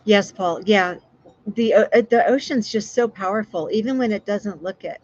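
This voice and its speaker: A woman's voice: mid-range voice, moderate pace. Female livestream host, chatty and rambling, restarts her sentences, slightly lo-fi sound. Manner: chatty, rambling, warm with frequent fillers and restarts. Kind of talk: casual live chat with viewers.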